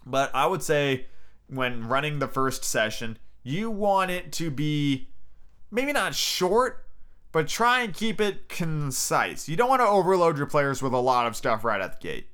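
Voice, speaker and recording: Male podcast host, slightly high voice, casual chat, emphatic and repetitive tips, joking. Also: sing-song, a little slow, a bit bright, clear, resonant tone. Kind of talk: casual chat giving game master tips.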